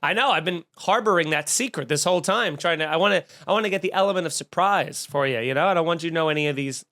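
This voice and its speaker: A man in his thirties with a high-pitched voice, hosting a comedy podcast. He tells a long travel story in a snarky, animated rant, jumping into the voices of the people he met. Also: quick pace.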